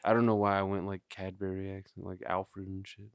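A man co-hosting a podcast, talking in casual, crude, joking banter and mimicking people in quick voices. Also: sits low, level tone, vocal fry, smooth, dry recording, studio quality. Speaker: podcast co-host.

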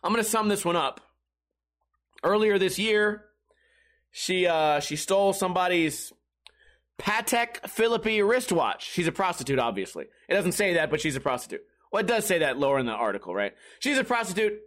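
A young man with a high voice chatting on a comedy podcast. He is animated and profane, laughs often, and breaks into sudden shrill exclamations. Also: moderate pace. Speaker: podcast co-host. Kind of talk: casual comedic chat.

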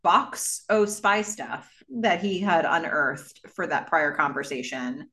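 A woman co-hosting a casual podcast, thinking out loud about a scene with frequent pauses and restarts. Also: low-pitched, expressive. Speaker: podcast co-host. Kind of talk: casual rewatch podcast chat.

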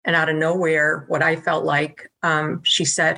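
A woman answering interview questions, recounting her experience with earnest feeling. Her voice is bright, with a gravelly rasp at the bottom, and her pitch stays quite even. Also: measured pace. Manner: earnest, heartfelt. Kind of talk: reflective conversational storytelling.

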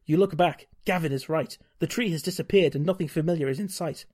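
A man's voice: fairly high pitch, moderate pace, a little mellow. A man hosting a podcast, reading a gamebook aloud with wry, joking asides and frequent laughter. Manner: wry, laughs often, reads narration steadily.

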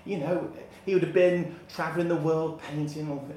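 A man's voice: fairly high pitch, steady tone, normal speed, a little mellow, echoey room, a little hiss or hum. A man telling a comic story on stage in a live venue, laughing at his own jokes. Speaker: comedian. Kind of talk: stand-up storytelling.

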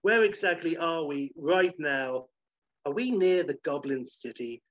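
A man's voice: a little high, animated, measured pace. A man voicing an impatient, bewildered young woman with a raised voice and urgent questions in a spoken story. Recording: dull lo-fi recording.

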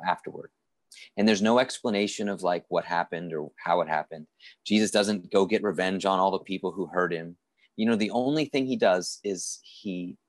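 A man with a very low voice tells a Bible story the way you would tell a friend, loose and conversational, pausing on small fillers and restarting phrases. The recording is dry and close, with no room sound around him. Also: no echo. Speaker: speaker telling a Bible story. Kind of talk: reflective spoken sermon.

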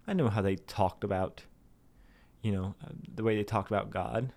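A man's voice: normal speed, gravelly, a little mellow. A young man talking candidly to his viewers, rambling and self-deprecating, with many restarts and some swearing. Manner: puts on anxious inner voices in a sudden high pitch. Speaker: vlogger. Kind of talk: candid personal monologue to camera.

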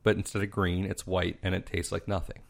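A man in casual chat, telling stories with deadpan jokes. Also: low voice, a little fast, creaky.

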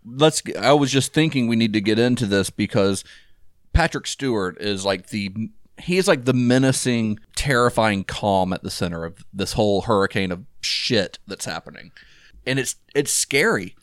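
A man's voice: fairly low pitch, animated, moderate pace, no room sound, studio quality. A man co-hosting a casual film talk, rambling with lots of fillers and restarts. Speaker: podcast co-host.

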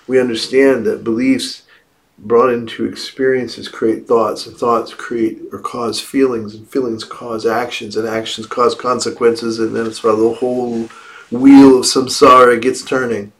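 A man giving a Buddhist dharma talk in a slow, reflective way, with playful asides. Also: mid-range voice, little pitch movement. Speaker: Buddhist teacher.

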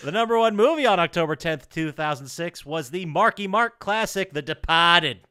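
A man hosting a casual podcast chat, leading the segments and reading out trivia in an animated way. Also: a little high, normal speed, clean tone, no echo, clean studio sound. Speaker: podcast host.

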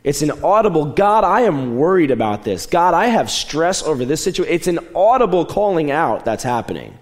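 Young guy preaching, chatty sermon, gets loud and high on big points then goes soft and low. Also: very animated, moderate pace. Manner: conversational, swings between raised emphatic lines and quiet asides. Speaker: pastor.

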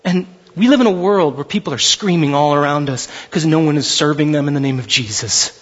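A male pastor preaching with emphatic, conversational passion. His voice sits high and carries a husky edge. The recording is muffled and lo-fi. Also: a little fast. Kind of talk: sermon.

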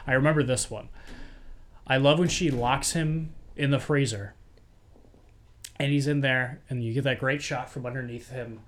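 Animated man chatting about a film. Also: medium pitch, moderate pace, long pauses. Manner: animated, acts out movie lines with profanity. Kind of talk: casual film discussion.

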